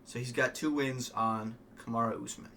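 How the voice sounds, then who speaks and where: A man giving casual, rambling, opinionated fight commentary, swearing often and filling pauses with ums. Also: medium pitch, steady tone, bright, forceful tone, a little hiss or hum. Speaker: MMA fan vlogger.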